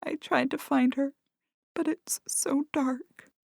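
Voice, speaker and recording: Woman reading a soft-spoken weary young woman. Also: high voice, steady tone, takes it slowly, gravelly, no echo, clean studio sound, voice pushed up, heavily acted. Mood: tired, gentle. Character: grieving young woman, gentle and tired.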